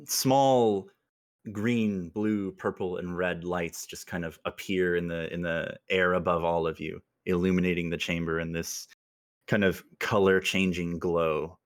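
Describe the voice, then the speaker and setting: A man's voice: deep voice, flat delivery, a little slow. A man narrating a tabletop role-playing game as game master, with descriptive scene-setting and laughing asides.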